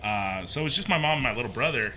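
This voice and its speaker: Bright-voiced man telling a story. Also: medium pitch, fast talker, a little hiss or hum. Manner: animated, acts out quoted voices, many fillers. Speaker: podcast guest, haunted maze builder. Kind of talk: casual storytelling.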